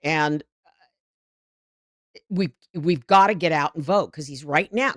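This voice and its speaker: A woman's voice: low-pitched, slow pace, pauses often, fairly bright tone, no room sound, studio quality. A middle-aged woman hosting a live political show, talking in a heated, rambling way with frequent restarts.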